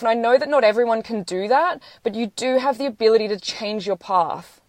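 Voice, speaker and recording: A woman's voice: on the high side, brisk, a little mellow, no room sound. Woman, 30s, tearful earnest livestreamer, blunt and sweary, dry close phone sound. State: close to tears. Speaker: social media livestreamer. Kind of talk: emotional live-stream monologue.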